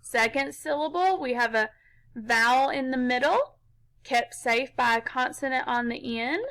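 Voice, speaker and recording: Slow, bright-voiced woman teaching phonics. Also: high voice, low-quality recording. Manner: slow, patient, step-by-step instruction. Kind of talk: phonics lesson for children.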